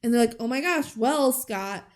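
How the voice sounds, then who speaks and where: A woman co-hosting a casual podcast, voice sitting a bit high. She retells a movie with animated energy and slips into the characters' lines as she goes. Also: moderate pace. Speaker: podcast co-host. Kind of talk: casual movie recap chat.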